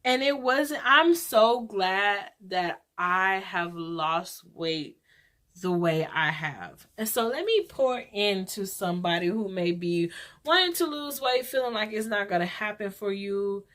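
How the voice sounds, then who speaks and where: A woman in her twenties hosting a casual vlog, chatty and rambling, telling stories in a lively way. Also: medium pitch, a little slow. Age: 20s. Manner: chatty, rambling, lively storytelling with church talk. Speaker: vlog host.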